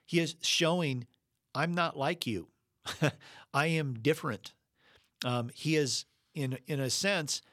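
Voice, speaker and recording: A man's voice: medium pitch, a bit bright, dry recording, studio quality. A man teaching a sermon-style Bible lesson in a conversational, emphatic way with frequent fillers. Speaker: preacher.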